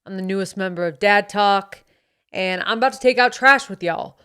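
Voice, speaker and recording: Lady putting on a swaggery young bro dad guy, slight southern twang, bragging and slangy, smooth clean voice. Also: mid-range voice, animated, normal speed, a bit bright, no room sound, clean studio sound. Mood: braggy. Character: cocky young male dad influencer bro. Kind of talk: comedic character monologue.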